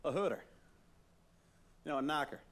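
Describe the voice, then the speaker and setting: An actor playing a goofy, immature Darth Vader who is an over-eager joker, in a comic stage musical. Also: male voice, a little high, normal speed, noisy background, natural voice. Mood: eager pitching. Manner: jokey, over-eager, chummy.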